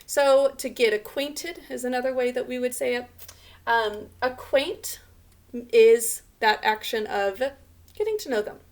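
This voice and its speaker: A woman's voice: on the high side, a little slow. A woman teaching a remote spelling lesson to children, patiently sounding out words letter by letter.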